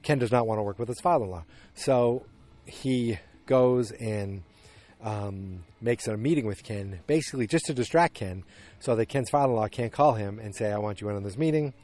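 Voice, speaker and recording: Low-voiced guy hosting a podcast, rambly animated recap. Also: moderate pace. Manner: rambling, animated retelling with acted quotes. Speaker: podcast host. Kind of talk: casual episode recap.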